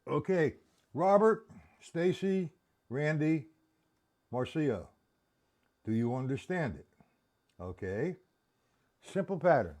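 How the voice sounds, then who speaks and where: A man's voice: on the high side, very animated, takes it slowly, pauses often, a little mellow. A man teaching a live-streamed drum lesson, counting beats aloud and checking in with viewers.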